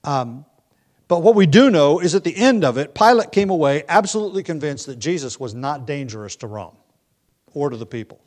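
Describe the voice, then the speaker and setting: A man teaching a Bible study, talking in a relaxed, conversational way with frequent pauses and restarts. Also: a little high.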